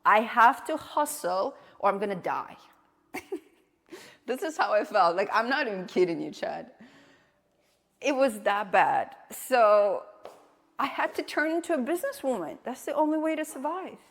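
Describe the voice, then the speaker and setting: A woman's voice: fairly high pitch, very animated, unhurried, long pauses, in a large hall. A young adult woman streaming and chatting casually with viewers, telling blunt stories with plenty of swearing. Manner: blunt, swears freely, storytelling.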